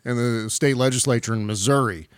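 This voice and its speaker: A man's voice: mid-range voice, fairly quick, clean tone, no echo, studio quality. A man hosting a comedy news podcast, reading stories and ranting sarcastically with plenty of profanity. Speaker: podcast host.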